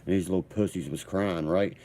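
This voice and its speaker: Brief: man, deep and mellow, combative vlogger telling a rambling story. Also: steady tone, fairly quick.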